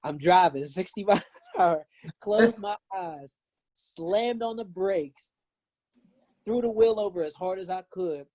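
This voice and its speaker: Mellow-voiced man telling a story. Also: sits high, a little slow, no room sound. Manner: earnest, animated when retelling. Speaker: pastor and author guest. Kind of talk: casual storytelling.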